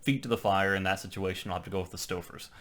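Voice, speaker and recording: A man co-hosting a casual TV recap, dropping dry, quick jokes. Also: low voice, steady tone, fairly bright tone, a little hiss or hum. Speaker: podcast co-host.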